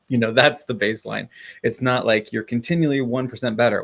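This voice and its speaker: A man's voice: mid-range voice, fairly even intonation, normal speed, creaky, fairly bright tone. A man chatting casually on a live stream, rambling and cheering himself on with frequent laughs. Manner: rambling, self-encouraging, laughs often.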